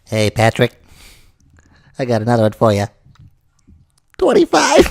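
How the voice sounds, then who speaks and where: A man's voice: medium pitch, huge pitch swings, a little slow, vocal fry, a little mellow, pitched above the performer's own voice, full character voice. A man voicing a cheerful young male cartoon sea sponge with a nasal, goofy voice. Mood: chirpy.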